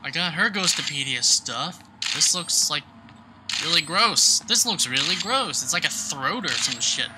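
Jumpy, high, animated man playing a horror game. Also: measured pace, background noise. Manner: jumpy, exclaims and swears at scares. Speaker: let's play host. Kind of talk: live gameplay commentary.

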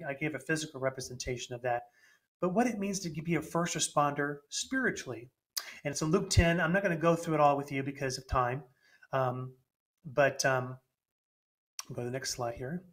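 A middle-aged man talks through an informal sermon online, stopping and restarting his sentences as he goes. His voice sits a little high for a man. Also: a bit bright. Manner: conversational, with fillers and restarts. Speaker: speaker, Christian apologist. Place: home, presenting online with shared screen.

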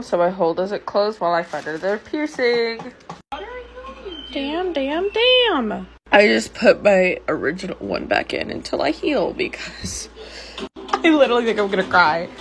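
A woman's voice: medium pitch, fairly bright tone, a little hiss or hum. A young woman in a casual self-filmed vlog, rambling in a fed-up, self-mocking way into her phone.

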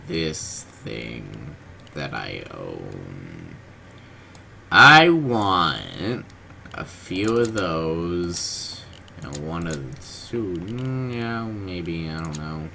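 A man giving casual gameplay commentary, low-key and monotone, groggy from just waking up, in his bedroom. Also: extremely slow, gravelly. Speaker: gaming video host. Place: hot bedroom with a fan. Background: fan and keyboard noise.

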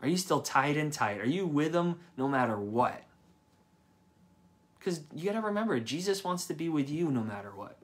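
A man's voice: fairly high pitch, very animated, moderate pace. A young man preaching a sermon in an earnest, conversational way, often repeating phrases.

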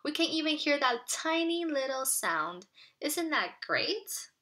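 Give me a cheerful, enthusiastic storybook dad, bright and a little high, as a woman reads him. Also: big pitch swings, takes it slowly, heavily acted. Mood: delighted. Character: cheerful dad who loves the quiet countryside.

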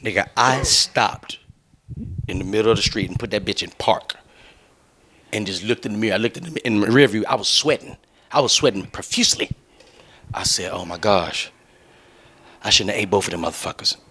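A young adult man hosting a podcast speaks in a low-ish, husky, sharp voice, briskly and with frequent pauses. He tells a long story in loose, profane, laughing chat, acting out other people's lines.

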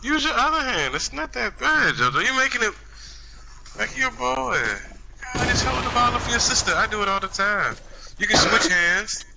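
A man calling out to teammates in casual game voice chat, loose and excitable. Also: very high voice, moderate pace, creaky, noisy background. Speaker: player. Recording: voice chat over loud gunfire. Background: game gunfire and clicks.

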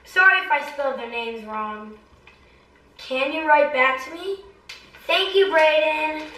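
Family vlog host mom, playful fan-mail reader, unhurried, echoey room. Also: female voice, sits high, sharp tone. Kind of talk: reading fan mail aloud. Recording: roomy home echo.

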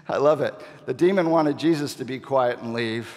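A man's voice: medium pitch, a little mellow. Emphatic preaching man in a reverberant hall. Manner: emphatic, dramatic pauses, repeats key phrases. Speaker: pastor. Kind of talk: sermon. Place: large church sanctuary. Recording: long reverb of a church hall.

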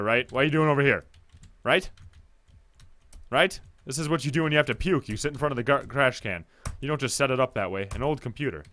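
A young man giving excitable commentary while playing a horror game, reading its dialogue aloud. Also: medium pitch. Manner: excitable, jumpy, shouting at scares. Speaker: let's play gamer.

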